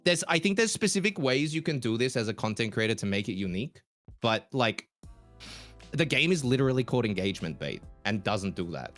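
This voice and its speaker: A man's voice: medium pitch, big pitch swings, brisk, fairly bright tone, soft background music. A man from Australia with a mixed Australian accent, a guest content creator in a casual chat. He is chatty, stammers, restarts a lot and laughs easily.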